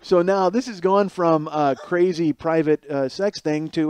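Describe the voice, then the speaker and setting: A man in his forties, hosting a podcast, telling a comic story in a rambling, animated way with many restarts and acted-out quotes. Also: on the high side, unhurried, clean tone, no echo. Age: 40s. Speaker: podcast host. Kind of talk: comedic storytelling monologue. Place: home kitchen.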